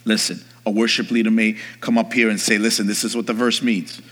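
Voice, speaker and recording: Man, pastor, sermon, bright forceful voice, swings from hushed to shouting, long hall reverb. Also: fairly low pitch, little pitch movement, brisk. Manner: swings from hushed to shouted, calls for congregation response.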